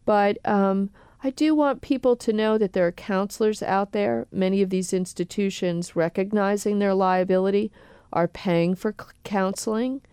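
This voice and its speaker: A woman attorney answering questions on a radio talk show in a careful, measured way with frequent pauses. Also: medium pitch, steady tone, mellow, smooth, no echo, clean studio sound. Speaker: attorney guest.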